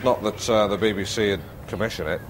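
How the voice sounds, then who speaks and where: An actor playing a pompous, self-absorbed middle-aged TV presenter who rambles in dry asides while judging vegetables, in a TV comedy. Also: male voice, fairly low pitch, steady tone, noisy background, close to an everyday voice. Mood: deadpan musing. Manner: dry rambling asides, slow musing delivery.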